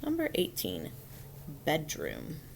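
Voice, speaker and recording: A woman teacher patiently walks children through a recorded phonics lesson step by step, often checking in with "right?". Her voice sits low and is gravelly, with huge pitch swings and a slow pace, and there's slight background noise.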